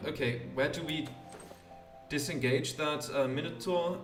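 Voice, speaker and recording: A man commenting on a game he is playing, rambling and hesitant, often poking fun at himself. His voice is fairly high and sounds roomy and distant from the mic, with faint music underneath. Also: measured pace. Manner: rambling, hesitant, self-deprecating. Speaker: let's play host.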